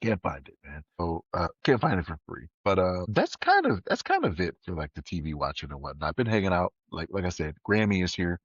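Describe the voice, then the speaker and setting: A man co-hosting a podcast in casual chat, an animated storyteller who acts out the voices of people he quotes. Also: sits low, fairly quick, few pauses, breathy edge, dry recording, muffled recording. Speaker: podcast co-host.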